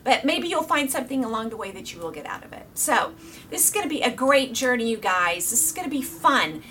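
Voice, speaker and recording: A middle-aged woman giving a casual faith teaching to her viewers, animated, laughing often and dropping to a whisper for emphasis. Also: a little high, a little fast, distant mic, a little hiss or hum. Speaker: Christian video teacher.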